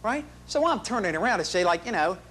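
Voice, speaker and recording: A man's voice: sits high, sing-song, fast, a bit bright. Man playing a boastful slangy family guy. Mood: bragging. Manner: rambling, full of street slang and bad grammar. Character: chatty, boastful working-class family man. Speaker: stage performer in a one-man show. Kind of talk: comic stage monologue. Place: theater stage.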